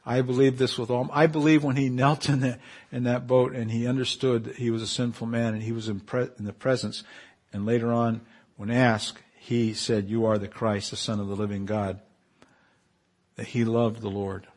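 Animated preaching man. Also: medium pitch, moderate pace. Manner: animated, rising to loud emphatic peaks; repeats words and restarts phrases. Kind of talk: sermon.

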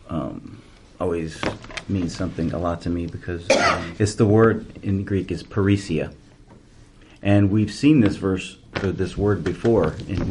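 A man's voice: deep voice, dark tone. A man leading a casual group Bible study, chatty and telling stories between verses. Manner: chatty, storytelling, laughs easily. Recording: noisy amateur room recording.

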